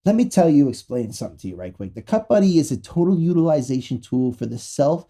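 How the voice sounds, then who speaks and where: A man's voice: on the high side, big pitch swings, fast, dark tone. A man hosting a podcast, rambling casually and profanely through a joking sponsor read. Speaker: podcast host.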